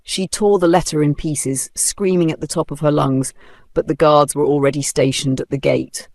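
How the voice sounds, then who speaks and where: Dramatic storybook narrator, slight gravel. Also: mid-range voice, fairly even intonation, moderate pace, a little mellow, dry recording, studio quality.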